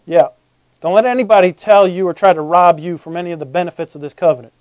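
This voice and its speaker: A man's voice: high voice, very fast, no room sound. A man preaching a sermon, humorous and conversational, often asking the congregation questions. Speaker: pastor. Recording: dull lo-fi recording.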